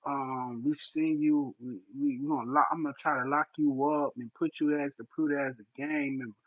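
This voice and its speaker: A man's voice: mid-range voice, steady tone, moderate pace, no echo, voice pushed down, lightly acted. A man voicing a smug male police officer who talks down and threatens, on dull lo-fi stream audio. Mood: menacing.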